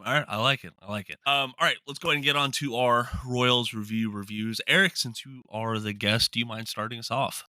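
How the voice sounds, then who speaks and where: A man's voice: mid-range voice, steady tone, a little fast, hardly any pauses, pushed and bright, no room sound. A man hosting a podcast in an easygoing, affirming way. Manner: easygoing, affirming, light laughs. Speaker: podcast host. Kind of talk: casual podcast chat.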